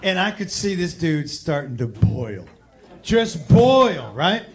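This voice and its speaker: High-voiced guy doing stand-up, goes quiet then loud, live club mic with lots of room noise. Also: measured pace. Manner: animated, swings from quiet asides to loud punchlines. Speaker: stand-up comedian. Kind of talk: stand-up storytelling to a live crowd. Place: comedy club stage before an audience.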